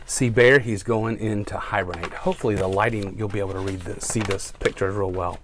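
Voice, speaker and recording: A man who works as a firefighter reads a picture book aloud to children, with a lively storytime manner. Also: lowish voice, fairly quick, few pauses.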